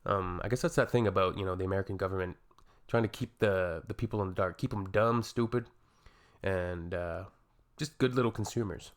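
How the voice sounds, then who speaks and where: Gravelly Canadian man, sarcastic. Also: sits low, fairly quick. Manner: sarcastic, wry. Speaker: reaction video host. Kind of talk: reaction commentary.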